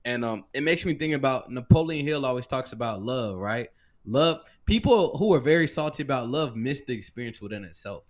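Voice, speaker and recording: A man's voice: mid-range voice, animated, a little fast. A man in a casual podcast conversation, speaking in a reflective, thoughtful way.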